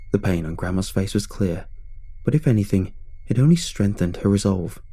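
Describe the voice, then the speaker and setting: A man narrating a scripted horror story in a measured, ominous way. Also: lowish voice, dark tone, slightly rough.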